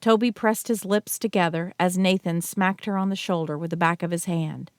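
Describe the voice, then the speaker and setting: A woman narrating an audiobook in a measured, even reading. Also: lowish voice, clear, resonant tone, no room sound. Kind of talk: scripted narration. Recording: dry close studio mic.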